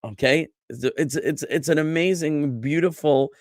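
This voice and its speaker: A rabbi teaching a Hebrew class over a video call, lively and chatty, joking with his students. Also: a little high, moderate pace, no echo, studio quality. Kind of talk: online class lecture.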